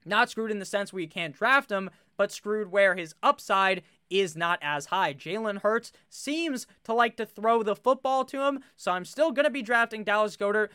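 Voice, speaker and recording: A young man in casual, animated draft commentary, swearing freely and drifting into rambling asides. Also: high-pitched, clear, resonant tone, dry recording, clean studio sound. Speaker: fantasy football YouTuber.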